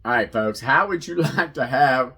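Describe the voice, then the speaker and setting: A man's voice: mid-range voice, moderate pace, sharp tone, slightly rough. A man hosting a cruise vlog, chatting casually with viewers, calling them folks and laughing at his own slips.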